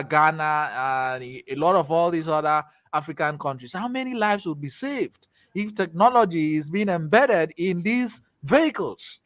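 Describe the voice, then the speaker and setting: A man from Nigeria with a Nigerian accent, teaching a tech class in a chatty, animated way with pidgin asides. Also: on the high side, moderate pace, dry recording. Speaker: tech instructor. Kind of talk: casual class talk with storytelling.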